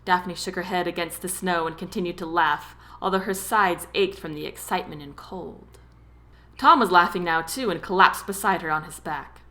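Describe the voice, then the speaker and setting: A woman narrating a romance novel as an audiobook, with expressive storytelling. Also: lowish voice, normal speed. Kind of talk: scripted narration.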